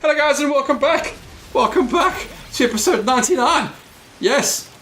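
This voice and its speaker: A man's voice: very high voice, expressive, moderate pace, bright, forceful tone, slight background noise. A man hosting a casual podcast, bantering and teasing with mock outrage. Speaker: podcast host.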